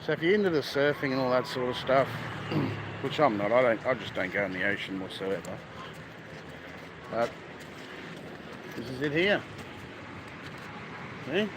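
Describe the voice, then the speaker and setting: A blunt, foul-mouthed Australian man with an Australian accent chats casually on a live stream as he walks. His voice sits at an ordinary pitch. Loud traffic and street noise run under everything, as if caught on a handheld phone. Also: expressive, a little slow, long pauses. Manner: blunt, crude, swears heavily. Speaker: travel vlogger. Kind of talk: casual live-stream chat while walking. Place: busy street outdoors, by the beach. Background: traffic and street ambience.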